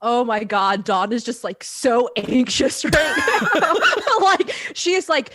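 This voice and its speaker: A woman playing a tabletop game, talking in an excitable, giggly way. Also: fairly high pitch, slow pace, slightly rough, no echo, studio quality. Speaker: player.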